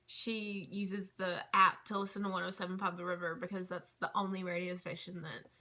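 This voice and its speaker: A young woman telling a story in a casual vlog, gushing and chatty with lots of fillers, dropping to a hush at tense moments. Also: on the low side, level tone, fairly quick. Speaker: vlogger.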